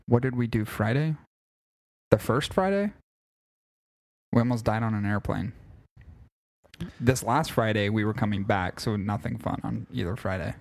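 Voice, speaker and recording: A man's voice: on the low side, animated, normal speed, gravelly, long pauses. A young man co-hosting a podcast, telling a long rambling story in casual chat and leaning on "like" between phrases. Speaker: podcast co-host.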